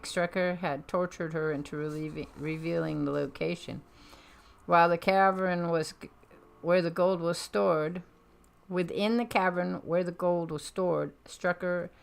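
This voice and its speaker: A woman's voice: fairly low pitch, steady tone, measured pace, vocal fry. A woman streamer reading a comic aloud on a live stream, with chatty, self-deprecating asides.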